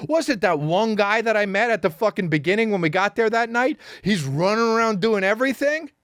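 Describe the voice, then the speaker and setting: Ranting comedian man, wildly animated. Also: high voice, fairly quick, dry recording, studio quality. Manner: animated, profane, ranting with acted-out voices. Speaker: podcast host. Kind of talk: comedic storytelling rant.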